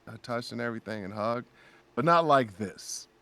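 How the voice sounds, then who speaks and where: A man with a mid-pitched voice tells a personal story on a relaxed podcast. He jumps up into high, lively tones whenever he quotes someone, and his delivery is warm, earnest and emotional. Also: normal speed. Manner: animated storyteller, acts out quoted dialogue in raised voice; warm and emotional, speaks of faith and prayer. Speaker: guest voice actor.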